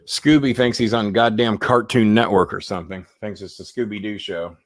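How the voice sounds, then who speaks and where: Low-voiced rambling male live-stream host. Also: steady tone, normal speed, no room sound, clean studio sound. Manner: rambling and chatty, with loose profanity. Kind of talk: casual live-stream chat. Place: at home.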